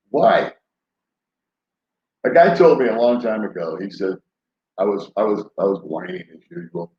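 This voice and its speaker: An older man with a fairly low voice chats loosely with his live-stream viewers. He rambles, laughs often and sounds unhurried. The sound is roomy and a little dull, like a lo-fi home setup. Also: darkish tone. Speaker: vlogger answering live chat. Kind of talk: casual live-stream chat.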